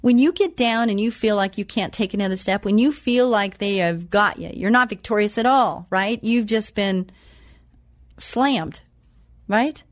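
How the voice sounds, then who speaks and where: A woman's voice: medium pitch, measured pace, no echo, studio quality. A woman hosting an inspirational Christian talk show, speaking earnestly with emphatic repetition and chatty asides.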